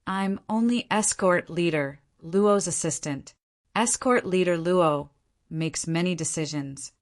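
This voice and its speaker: A woman's voice: on the low side, unhurried, lightly acted. A woman voicing a humble young male escort assistant in an audiobook, speaking respectfully and a little hurriedly. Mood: deferential. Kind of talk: audiobook character voice.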